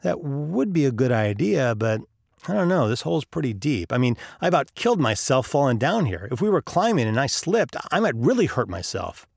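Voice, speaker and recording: A man's voice: mid-range voice, sing-song, brisk, creaky, no room sound, studio quality. A man voicing a stubborn, fearful guy who is stuck in a hole and makes excuses. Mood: excuse-making. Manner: whiny, excuse-making.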